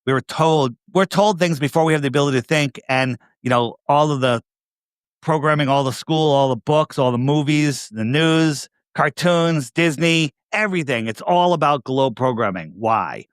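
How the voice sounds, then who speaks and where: A man's voice: on the high side, moderate pace, smooth, dry recording, clean studio sound. A man with a New York area accent, talking as a guest on a video call, pressing his points with emphatic rhetorical questions. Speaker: podcast guest. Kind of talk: casual conversation.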